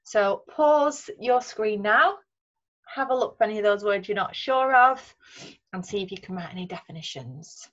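A woman's voice: medium pitch, animated, moderate pace, fairly bright tone, lo-fi sound. Patient Northern English woman teacher. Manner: clear, patient explaining with frequent "um" and "right". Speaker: secondary school English teacher. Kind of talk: recorded remote lesson talk over slides.

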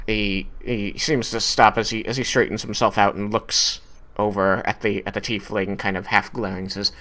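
Guy running a tabletop game, lowish bright voice, stops and restarts a lot. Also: steady tone. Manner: halting, with many fillers and restarts. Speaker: game master.

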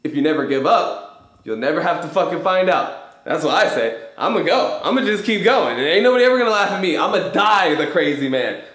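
A man's voice: fairly high pitch, animated, brisk, a bit bright. A man hosting a casual motivational talk, emphatic and full of slang and swearing. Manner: profane, emphatic, street slang. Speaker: host. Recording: echoey room.

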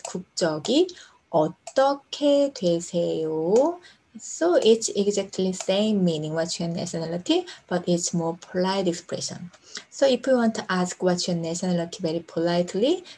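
A woman, a native Korean speaker with a Korean accent, teaching a beginner language lesson in English, repeating each example slowly and checking in with the learner. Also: mid-range voice, a little mellow, slight background noise.

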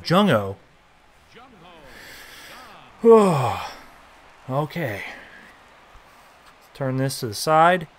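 A young man giving casual, joking commentary while playing a baseball video game, reacting loudly to big plays. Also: medium pitch. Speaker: gaming YouTuber.

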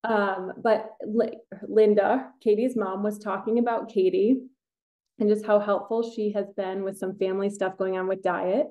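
A woman's voice: mid-range voice, steady tone, normal speed, dark tone, lo-fi sound. A middle-aged woman hosting a casual podcast, chatty and enthusiastic, rambling a little as she talks. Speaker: podcast host, kinesiologist.

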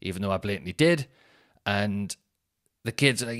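A man's voice: on the low side, expressive, normal speed, a bit bright. A man in his thirties, a podcast host telling a self-mocking comic story with mock outrage. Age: 30s.

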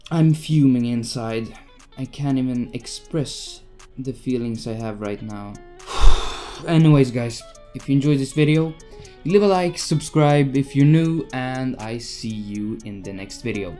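A man's voice: mid-range voice, unhurried, warm tone, faint music behind. Stressed young man narrating gameplay. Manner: stressed, swearing, talks to himself. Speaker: gaming YouTuber. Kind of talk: live gameplay commentary. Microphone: desk mic at a PC.

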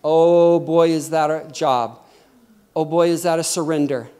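A middle-aged man preaching a sermon in a lively, conversational way, often acting out quotes. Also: on the high side, a little slow, clear, resonant tone.

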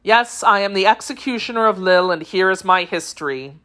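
A woman reading the part of a stern, vengeful male executioner in an audiobook, telling his account in a slow, solemn manner. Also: medium pitch, sharp tone, close to an everyday voice. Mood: grim.

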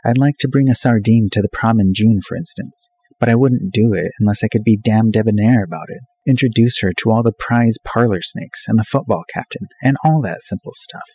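A man's voice: fairly low pitch, brisk, few pauses, mellow, a little hiss or hum, lightly acted. A man voicing a restless, vain young male college student who talks eagerly about himself. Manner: eager, self-absorbed.

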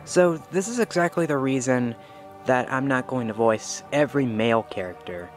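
Teen boy vlogger, mid-pitched, rambly, unsure of himself. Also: expressive, moderate pace, faint music behind. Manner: rambling, many fillers and self-corrections; unsure and self-critical. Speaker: channel owner. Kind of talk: casual vlog update.

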